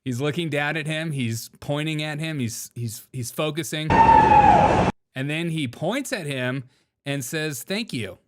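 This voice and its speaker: A man's voice: fairly high pitch, huge pitch swings, takes it slowly, very noisy. A young man hosting a casual political commentary show, joking and laughing often, mocking people in put-on quotes. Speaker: show host.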